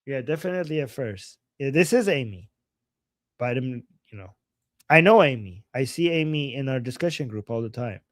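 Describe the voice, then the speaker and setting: A man hosting a casual livestream, reading viewer chat and reacting heatedly to clips, swearing freely and swinging from soft asides to loud outbursts. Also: mid-range voice, lively intonation, moderate pace, no echo, studio quality. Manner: reads viewer chat aloud.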